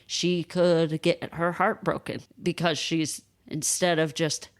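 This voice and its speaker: A woman's voice: sits low, slow. A woman co-hosting a podcast, recapping a movie in casual chat and acting out the characters' lines. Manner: animated retelling, acting out the dialogue. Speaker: podcast co-host.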